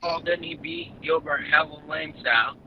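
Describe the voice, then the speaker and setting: A man's voice: fairly high pitch, moderate pace, dull audio, slight background noise. A man, a fighter on a remote video call, telling a heated, rambling story full of slang and swearing. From California. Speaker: fighter guest. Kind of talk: casual profane interview talk.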